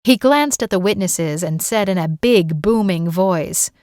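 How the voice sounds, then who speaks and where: A woman author narrating her own romance novel as an audiobook, telling it in an even, gentle way. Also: on the low side, a little slow, no echo, studio quality.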